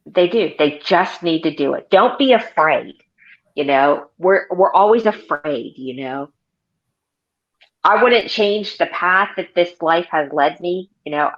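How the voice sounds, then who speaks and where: A woman's voice: sits low, highs cut off. A woman in her forties, a car sales consultant, chatting in an interview and telling stories with many fillers and restarts. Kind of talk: casual interview.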